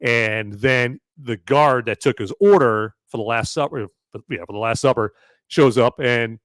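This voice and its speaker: A man's voice: mid-range voice, measured pace, a bit bright, dry recording. Rambling man recapping a film. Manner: rambling, filler-heavy, keeps asking "okay?". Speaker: podcast host reviewing a film live. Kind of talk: casual live-stream recap.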